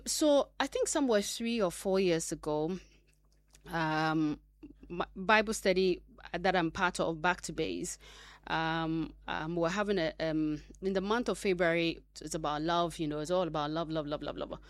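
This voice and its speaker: A woman's voice: on the low side, a little slow, no echo. A woman hosting a radio talk segment, delivering an earnest, emphatic monologue full of fillers and restarts. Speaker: radio host.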